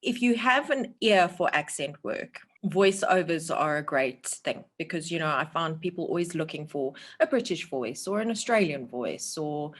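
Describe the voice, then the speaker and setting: A woman's voice: deep voice, animated, moderate pace, few pauses. Chatty South African woman, voice-over guest. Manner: chatty, many "you know" asides. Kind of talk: casual interview chat.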